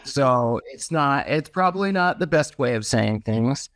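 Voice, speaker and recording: Male podcast guest, mid-pitched, conversational and rambling, dry close sound. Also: animated, unhurried, fairly bright tone, no echo. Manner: conversational, many restarts and hedges. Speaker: podcast guest, merch business owner.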